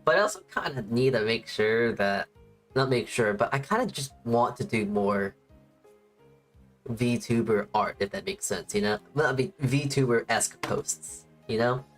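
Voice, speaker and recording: Low-voiced woman streamer, rambling. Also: expressive, measured pace. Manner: rambling, restarts sentences. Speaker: VTuber streamer. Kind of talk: casual stream chat. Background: faint background music.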